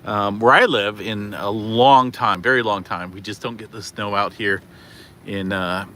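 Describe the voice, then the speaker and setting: A man hosting a casual weather vlog outdoors in falling snow beside his car, talking into a handheld camera in an excited, rambling way full of fillers and exclamations. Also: fairly low pitch, unhurried. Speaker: weather channel host.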